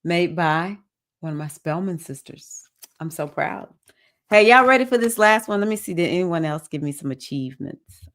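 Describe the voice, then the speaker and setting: Host: Southern woman, slightly low voice, upbeat and encouraging, reading comments on a webcam live stream. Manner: warm, encouraging, reads comments aloud and cheers viewers. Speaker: spiritual teacher hosting a live session. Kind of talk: casual live-stream chat.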